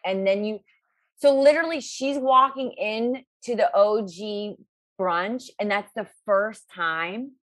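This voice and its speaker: A woman's voice: mid-range voice, takes it slowly, fairly bright tone, no echo. A woman host in a casual interview, speaking with gushing, fan-like enthusiasm. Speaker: podcast host.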